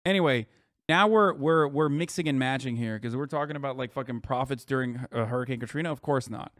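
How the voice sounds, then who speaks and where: A man's voice: medium pitch, fairly quick, fairly bright tone, no room sound, studio quality. A man streaming as host, giving profane heated commentary on a clip, ranting and firing rhetorical questions.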